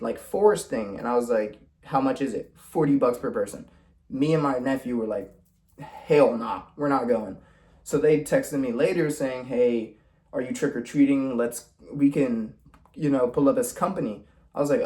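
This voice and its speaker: A man's voice: medium pitch, mellow. A young man telling a casual storytime vlog, full of slang and swearing, acting out the people in his story. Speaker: vlogger.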